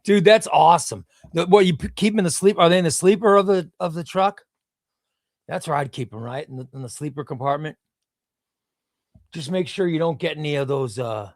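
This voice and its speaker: A man's voice: a little high, normal speed, dry recording, clean studio sound. A man hosting a casual comics livestream, rambling, repeating words and answering chat. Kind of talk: casual live-stream chat. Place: home room with comic shelves.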